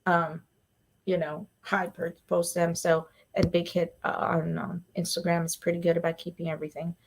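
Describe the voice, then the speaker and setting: A woman hosting a solo livestream show, talking casually and excitedly with frequent laughs and fillers. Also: fairly low pitch, vocal fry. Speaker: podcast host.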